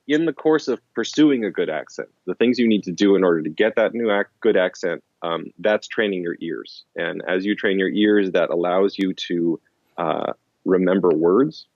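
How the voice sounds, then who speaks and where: A man with a very deep voice speaks as an interview guest, loose and rambling, restarting sentences and leaning on fillers. The recording is dry and close, with a slightly muffled, lo-fi tone. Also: normal speed, a little mellow, no room sound. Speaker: interview guest, language-learning author. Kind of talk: casual conversational interview.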